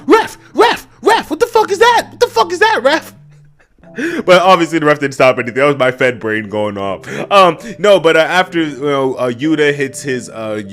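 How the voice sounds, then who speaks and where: A man casually reviewing a wrestling show on his own, swearing freely, talking to his chat and breaking into loud yelled asides. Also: on the high side. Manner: animated, profane, addresses chat, bursts into loud yelled asides. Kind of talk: casual solo review rant.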